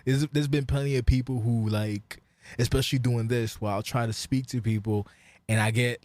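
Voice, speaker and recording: A man hosting a podcast in casual chat, blunt and profane, telling animated stories into a mic. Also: mid-range voice, normal speed, no room sound. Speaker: podcast host.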